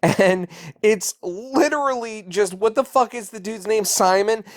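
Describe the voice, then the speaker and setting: A man co-hosting a podcast, reviewing a horror film in casual chat, swearing often and rambling. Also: high-pitched. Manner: profane, rambling, quick to act out characters. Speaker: podcast co-host.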